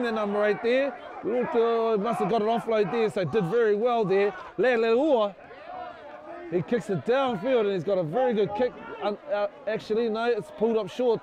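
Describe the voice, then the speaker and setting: A man calls a club rugby match from the sideline in a high voice. His commentary is casual, rambling and full of jokes, and he is often unsure of player names. A faint crowd sits behind him outdoors. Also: background noise.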